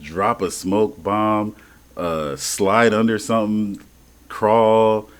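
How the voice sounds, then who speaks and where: A man co-hosting a podcast in casual chat, animated and slangy, laughing often and swearing freely. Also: fairly low pitch, slow pace. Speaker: podcast co-host.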